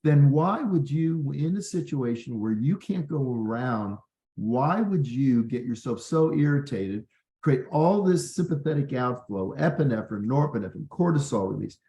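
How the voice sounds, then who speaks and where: A man's voice: medium pitch, lively intonation, moderate pace, dark tone. Earnest man teaching in an echoey room. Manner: earnest, conversational, many fillers. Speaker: physician and leadership workshop host. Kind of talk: workshop talk.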